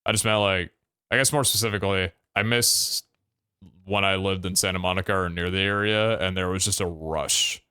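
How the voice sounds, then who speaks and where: A man's voice: deep voice, steady tone, normal speed, bright, forceful tone, clean tone. A young man chatting casually and tiredly on a game stream, rambling, swearing and laughing often. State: tired, yawning.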